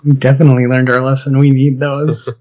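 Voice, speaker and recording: A man hosting a casual podcast with his best friend, friendly and quick to laugh. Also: mid-range voice, little pitch movement, darkish tone, dull audio. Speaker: podcast co-host. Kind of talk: casual chat.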